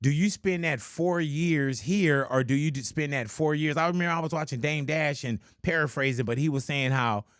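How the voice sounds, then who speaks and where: A bright, forceful man in his forties hosts a relaxed interview, his voice sitting a bit higher than most men's. He jokes and teases freely, often laughing as he talks. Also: moderate pace, few pauses, clear, resonant tone, dry recording, studio quality. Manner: joking, teasing, laughs often. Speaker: radio show host. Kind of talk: casual interview chat.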